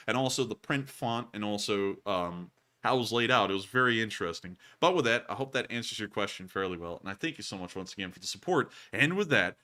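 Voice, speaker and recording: A man's voice: lowish voice, pushed and bright. A man hosting a livestream in casual chat, rambling with lots of filler sounds. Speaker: livestream host.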